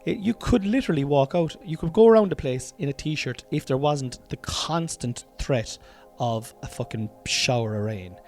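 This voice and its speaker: A man's voice: a little high, normal speed, few pauses, darkish tone, soft background music. An Irish man hosting a podcast in a room at home. He talks in a rambling, casual comedic monologue, swears freely and calls his listeners lads. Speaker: podcast host.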